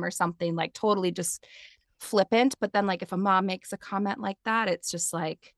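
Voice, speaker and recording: A woman's voice: medium pitch, fairly even intonation, brisk, a bit bright, no echo, studio quality. A woman in her thirties, a podcast guest and mindfulness teacher, talking in a chatty way with lots of filler words. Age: 30s. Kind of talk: casual interview chat.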